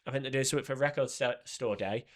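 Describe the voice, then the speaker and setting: A man's voice: medium pitch, fast. A man with a Manchester accent co-hosting a podcast, chatting casually in a rambling, self-mocking way. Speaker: podcast co-host. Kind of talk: casual chat.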